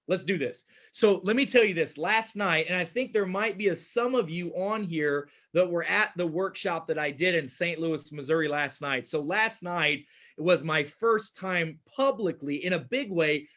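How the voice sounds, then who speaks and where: Excitable man on a dull webinar mic. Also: sits high. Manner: upbeat, excitable, chatty with fillers. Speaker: host of an online wellness workshop. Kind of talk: live webinar talk. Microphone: computer mic on a video call. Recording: dull lo-fi video call audio.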